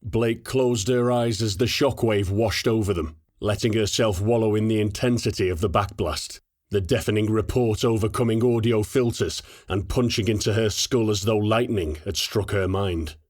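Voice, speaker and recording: Brief: low, measured male audiobook narrator, dry close mic. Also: darkish tone, dry recording.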